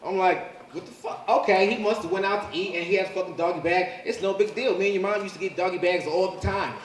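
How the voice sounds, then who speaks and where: A high-pitched man in his forties, quick-paced with fairly even intonation, performs live stand-up amid a little hiss or hum. Profane and punchy, he speaks loudly and frequently drops "you know what I'm saying," as laughter fills a comedy club captured in distant, roomy sound.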